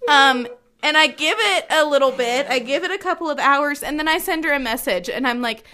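High bright animated woman storyteller. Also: a little fast. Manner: animated, laughing, self-mocking, acts out her own lines. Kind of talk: casual storytelling chat.

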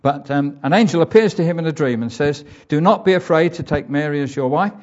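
A man's voice: on the high side, animated, brisk, darkish tone. Older man preaching, dull recording. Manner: conversational, reflective preaching with quoted scripture. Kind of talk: sermon.

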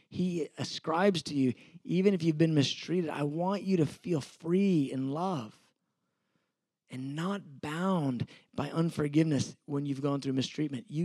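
A man's voice: a little high, warm tone, husky, dry recording. Earnest preacher man, dry sound. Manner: earnest, conversational preaching with repeated phrases. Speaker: pastor teaching a sermon. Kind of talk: sermon.

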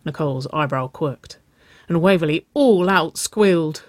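A narrator reading a romance story aloud in a soft, even storytelling delivery. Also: medium pitch, measured pace, no room sound. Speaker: audiobook narrator.

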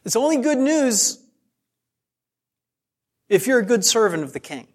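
This pastor's voice is extremely high and sing-song, and he speaks unhurriedly. His sermon feels like a conversation: he tells self-deprecating stories about himself, repeats phrases to drive points home, and draws out important words.

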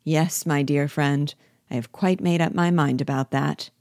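A wry, world-weary family doctor of a stage drama who speaks in measured, ironic turns, as a woman reader voices him. Low and close, with a dry sound. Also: steady tone, a little mellow, no echo. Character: Doctor Rank, an ironic, dying family friend.

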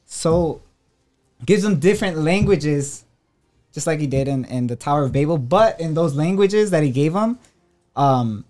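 A man explaining a scripture story in a casual faith discussion, pausing often and checking in with "right?". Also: fairly high pitch, a little mellow. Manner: hesitant, many "uh" and "right?".

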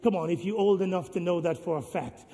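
A high-pitched male pastor preaching with call-and-response energy, dropping to hushed lines and then rising to shouts. His voice rings through a big hall with long reverb. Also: fairly even intonation, fast. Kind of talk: sermon.

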